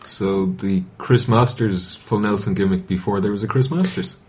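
A man's voice: fairly low pitch, normal speed, slight background noise. A man co-hosting a casual wrestling review podcast, wry and laughing along, swearing casually. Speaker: podcast co-host.

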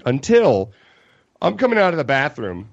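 A man's voice: medium pitch, huge pitch swings, normal speed, no echo. A young man from Colorado, co-hosting a casual podcast, telling a story with lots of acted-out quotes, fillers and swearing. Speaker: podcast co-host. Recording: dull lo-fi podcast mic, dry.

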